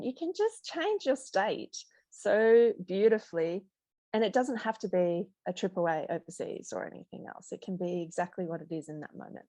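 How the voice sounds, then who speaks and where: A middle-aged woman chats as a podcast guest, a business mentor with a lively storytelling way of talking. Her pitch sits in a middle range for a woman, and she brings anecdotes to life. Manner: animated storyteller, acts out voices in anecdotes. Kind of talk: conversational podcast interview.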